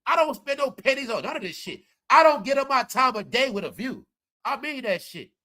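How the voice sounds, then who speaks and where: High, bright-voiced man preaching to viewers. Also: fairly quick. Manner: animated, preachy, talks straight to viewers. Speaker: commentary livestream host. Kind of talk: casual live commentary.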